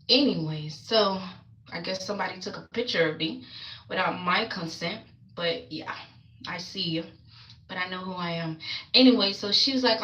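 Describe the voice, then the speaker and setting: A woman chats on a livestream in a rambling, animated way and acts out what people said in her story. Her voice is bright and forward. The room around her sounds echoey. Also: fairly high pitch, normal speed. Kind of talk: casual storytelling monologue.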